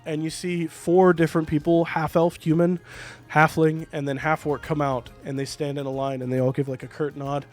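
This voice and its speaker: A man's voice: fairly high pitch, little pitch movement, moderate pace, soft background music. A man narrating as game master of a tabletop game, casual and chatty with many fillers.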